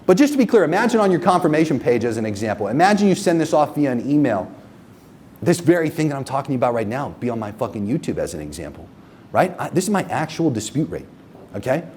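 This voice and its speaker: Presenting a live seminar to business owners, this agency owner swears and stresses his points hard, often asking the room "okay?" or "right?". His medium-pitched voice is sing-song and darkish, moving at a quick pace, with slight background noise.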